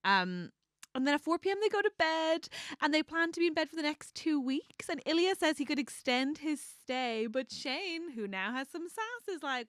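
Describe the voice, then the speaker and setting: A woman co-hosting a podcast, chatting casually about a book. Her voice is bright and pitched a little high, with a dry, close sound. She laughs often and acts out the characters' lines as she goes. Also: expressive, normal speed, no echo. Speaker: podcast co-host.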